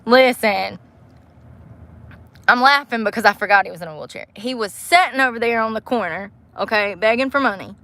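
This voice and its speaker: A woman's voice: fairly high pitch, brisk, bright, forceful tone. A woman vlogging to a phone camera from inside her parked car, chatty and profane, breaking into laughter often. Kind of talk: casual chat to camera.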